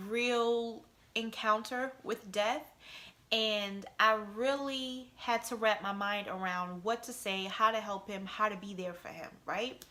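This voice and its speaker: A woman's voice: mid-range voice, pushed and bright. A middle-aged woman telling an emotional personal story in a conversational vlog, often checking in with "you know" and "right?".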